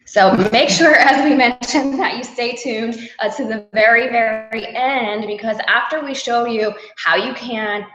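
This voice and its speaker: Upbeat woman pitching a live webinar. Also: measured pace, few pauses, fairly bright tone, reverberant, rough recording. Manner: upbeat, persuasive, repeats for emphasis. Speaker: webinar co-host.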